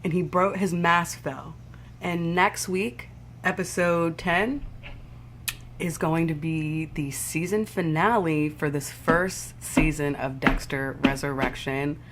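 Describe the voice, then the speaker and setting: Woman, lowish voice, casual TV recap vlogger, swearing, animated storytelling. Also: slow pace, background noise. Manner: profane, animated storytelling with sound effects.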